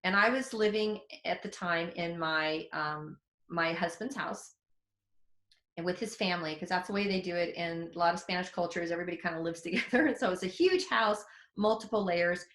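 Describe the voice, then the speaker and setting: A woman in her forties, a psychic development teacher, telling a story in a webinar in a casual, candid, animated way with mild swearing. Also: on the low side, moderate pace, roomy sound.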